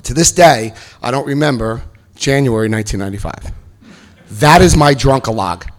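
A man in his fifties giving personal testimony at a recovery meeting, an animated storyteller who jokes and jumps into high voices for quotes. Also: normal speed. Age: 50s.

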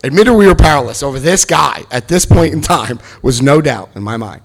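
A middle-aged man giving a comic talk about his recovery, animated and breaking into loud acted-out quotes. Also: mid-range voice, brisk, creaky. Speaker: speaker sharing his recovery story.

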